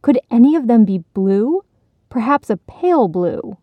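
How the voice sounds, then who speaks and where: A woman's voice: on the high side, big pitch swings, measured pace, no echo, dull audio. A woman voicing a determined, stubborn young female frog in a storybook, wary and eager. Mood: urgent.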